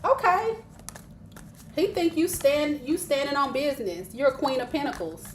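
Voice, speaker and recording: A woman's voice: sits high, expressive, moderate pace, noisy background. A woman giving live tarot readings to viewers, chatty and teasing, breaking into laughter often and speaking straight to her audience. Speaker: tarot reader.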